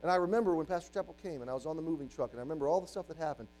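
Brief: high-voiced male preacher, forties, animated sermon delivery, faint mains hum behind. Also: rapid-fire, low-quality recording. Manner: animated, acts out quoted voices, swings between loud and hushed. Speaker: youth pastor.

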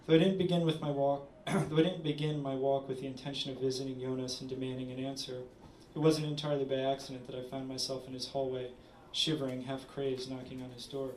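A man reading his own short story aloud at a literary event, measured with small stumbles. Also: mid-range voice, slight background noise. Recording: roomy, distant audience recording.

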